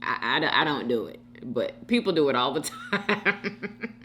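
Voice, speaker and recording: Woman mukbang host, casual reaction chat, lively pitch swings, bright tone, laughs often. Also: unhurried, slight background noise. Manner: animated, chatty, laughs often, talks straight to viewers.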